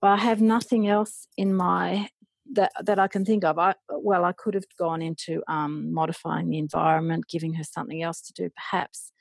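A middle-aged woman, a parent educator, telling stories in an animated way and acting out remembered dialogue. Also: fairly low pitch, normal speed, creaky, no echo. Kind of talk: storytelling in a podcast interview.

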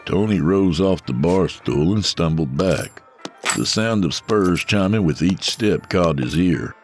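A man narrating a scripted story in a dramatic, measured way. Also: deep voice, faint music behind.

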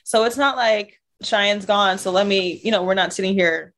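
A woman co-hosting a casual podcast chat, her voice sitting at an average pitch. She rambles through a heartfelt story, restarting her sentences as she goes. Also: moderate pace, fairly bright tone. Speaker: podcast co-host.

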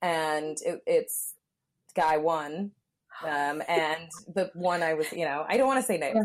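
A woman's voice: low voice, unhurried. A woman from Southern California, a comedian guesting on a podcast, telling a story in a candid, blunt way and filling her talk with "like.". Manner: frank and blunt, chatty, full of "like" fillers.

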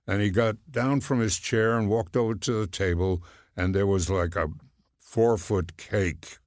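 A man in his nineties, a guest in casual chat, telling stories slowly and haltingly. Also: lowish voice, fairly even intonation, darkish tone, dry recording, studio quality. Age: 90s. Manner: slow, halting storyteller. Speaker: guest, cartoonist.

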